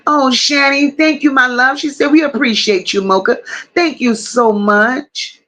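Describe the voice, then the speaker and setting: Bright-voiced woman greeting a livestream chat. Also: sits high. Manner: warm drawn-out greetings with endearments; reads viewer comments aloud. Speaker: livestream host.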